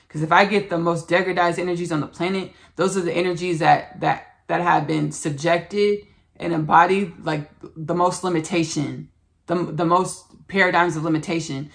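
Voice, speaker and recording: On her spiritual podcast, a podcast host talks about channeling in a lowish, gravelly voice. Her manner is sincere yet preachy and quite repetitive.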